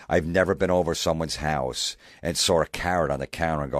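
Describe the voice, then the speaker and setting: Deep-voiced sarcastic male comedian. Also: fairly quick, few pauses, no echo, studio quality. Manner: sarcastic, profane, mocking. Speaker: comedian host. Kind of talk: comedic rant.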